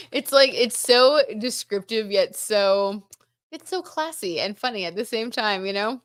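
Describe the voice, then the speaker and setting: Speaking a little slowly but in an animated way, a woman with a mid-range voice runs a tarot gossip livestream. She reads viewer comments aloud and chats casually, filling gaps with "like" and "um," in a dry, studio-quality recording.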